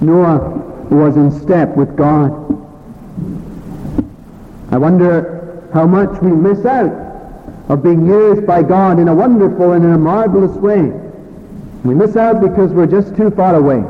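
A man preaching a sermon in an earnest way, pausing often with fillers and restarts. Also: sits high. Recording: phone-like thin sound with long hall reverb.

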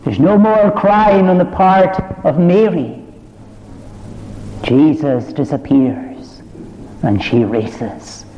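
A man's voice: on the high side, takes it slowly, long pauses, mellow, a little hiss or hum. A man preaching a sermon, retelling the story with rising fervour. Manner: impassioned, rising to fervent climaxes. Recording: dull reverberant church recording.

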